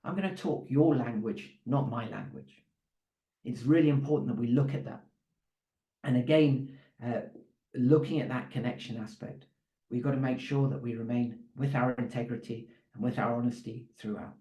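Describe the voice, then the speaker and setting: A man's voice: medium pitch, moderate pace, dark tone, roomy sound, rough recording. Man coaching a roomful of salespeople. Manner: conversational, with many fillers and restarts. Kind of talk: live training talk to an audience.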